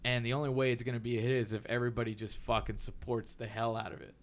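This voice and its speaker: A man from Texas with a Texan accent, a comedian in a loose podcast chat. He talks with energy and swearing and drops into quick voices of other people. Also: medium pitch. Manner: animated, profane, quick impressions of others.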